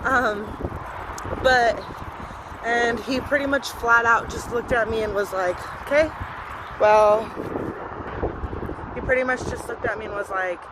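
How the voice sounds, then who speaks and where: A woman in her twenties giving a candid vlog update outdoors, talking fast and loud, blunt and swearing a lot. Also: a little high, steady tone. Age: 20s. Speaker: vlogger. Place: outdoors on a windy day. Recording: wind noise on a phone recording.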